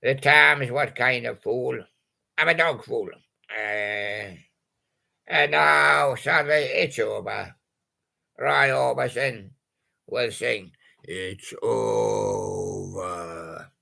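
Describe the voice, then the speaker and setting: A man's voice: mid-range voice, slow pace, gravelly, pauses often, pushed and bright. A male host making playful, punning patter about old song titles and chuckling at his own jokes.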